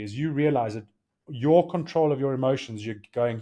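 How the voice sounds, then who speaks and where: A man in his thirties talks through ideas on a podcast in an earnest, coaching way. He slips into little quoted exchanges as he explains. His voice sits at an ordinary middle pitch. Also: normal speed, warm tone. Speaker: podcast co-host. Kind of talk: casual podcast chat.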